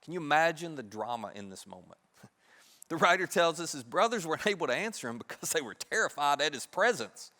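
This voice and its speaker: A man preaching a sermon, retelling a story in an animated, humorous, conversational way. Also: fairly high pitch, fairly quick, big-room sound. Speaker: pastor. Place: church sanctuary.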